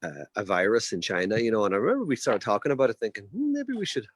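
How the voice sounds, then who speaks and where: A hotel owner from the Alps chats as a guest on a casual video call, rambling and correcting himself as he tells his story. His fairly low voice is animated and racing, with no room sound.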